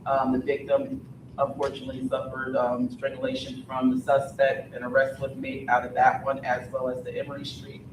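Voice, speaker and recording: A man's voice: mid-range voice, monotone, normal speed, distant mic. A man working as a police detective, giving a plain, tired crime briefing at a community forum. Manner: tired, plain report with small stumbles. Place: community meeting room. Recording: echoey room recorded from afar, noisy.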